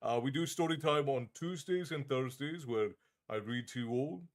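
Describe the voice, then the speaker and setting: A man with a medium-pitched voice and normal pace hosts a livestream in the persona of a tavern keeper. He chats casually and reads viewer comments aloud in a friendly, easygoing way, often restarting his sentences.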